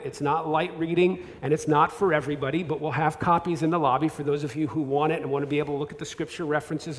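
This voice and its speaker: A man in his thirties preaches from a church stage, his voice sitting a bit higher than most men's. He keeps it conversational and self-deprecating, full of asides and restarts. The hall rings with long reverb. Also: slight background noise. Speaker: pastor. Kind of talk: sermon. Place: church sanctuary.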